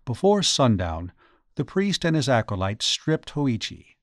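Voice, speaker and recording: A man narrating a ghost story audiobook in a measured, dramatic way. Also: medium pitch, big pitch swings, a bit bright, dry recording, clean studio sound. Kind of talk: scripted narration.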